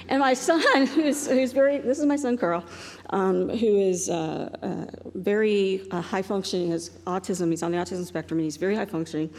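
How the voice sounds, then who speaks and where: A woman's voice: medium pitch, normal speed, vocal fry, darkish tone, slightly rough, in a large hall. A middle-aged woman from northeastern Ohio gives a humorous live talk as a guest speaker, rambling and self-deprecating and laughing often.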